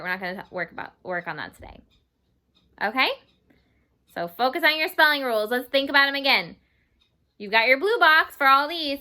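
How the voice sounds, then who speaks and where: In a sharp voice on the high side, a teacher patiently walks Spanish-speaking children through English grammar. She speaks slowly, repeats each word, and works in Spanish translations.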